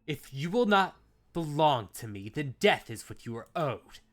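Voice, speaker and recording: A jealous goddess in a murderous rage, put on by a man reading a visual novel, her voice pushed high and shrill. She shrieks threats at full force, loud and frenzied. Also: sing-song, a little slow. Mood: furious.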